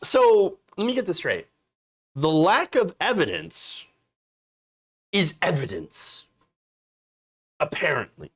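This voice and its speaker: A man's voice: on the high side, wildly swooping pitch, slow, pauses often, breathy edge. A man hosting casual political commentary, sarcastic and mocking. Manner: sarcastic, mocking voices of opponents.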